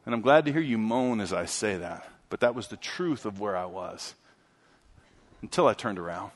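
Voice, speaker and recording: A man preaching a sermon, telling a story and swinging from loud, emphatic lines to hushed ones. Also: lowish voice, expressive, normal speed. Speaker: pastor. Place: church sanctuary. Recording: long hall reverb.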